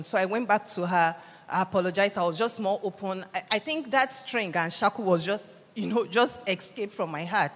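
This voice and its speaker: Brief: middle-aged Nigerian woman, lively conference speaker, medium pitch, long hall reverb. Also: a little fast. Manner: animated storytelling, acts out quoted voices. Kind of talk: motivational talk.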